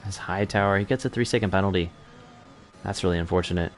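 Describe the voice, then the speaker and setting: A man's voice: low-pitched, fast, faint music behind. A young man commentating an online racing league in a chatty, self-correcting way that picks up during on-track battles. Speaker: race commentator.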